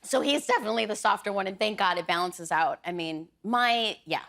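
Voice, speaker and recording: A woman's voice: medium pitch, brisk, creaky, a bit bright. A woman in her thirties, a talk show guest chatting in a bubbly way and acting out little voices as she tells stories. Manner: bubbly, storytelling with acted-out voices. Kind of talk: animated talk show chat.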